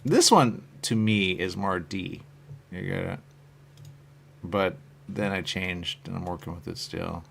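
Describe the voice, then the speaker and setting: Gravelly, rambling man on a live stream. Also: deep voice, measured pace, long pauses. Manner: musing and meandering, trailing off quietly at phrase ends; reads out and answers viewer comments. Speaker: host of a live stream talking about his comic covers.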